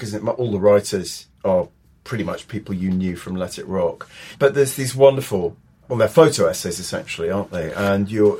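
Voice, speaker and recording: A man hosting an interview podcast, asking polite, measured questions. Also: fairly low pitch, darkish tone, slightly rough. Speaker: host.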